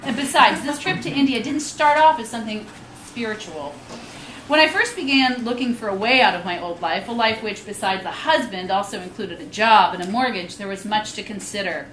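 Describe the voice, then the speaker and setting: In an echoey reading venue with slight background noise, a woman in her fifties reads live from her memoir. She hosts a reading series and is the author, and her medium-pitched, fairly quick, slightly bright voice stays wry and candid, with frank asides.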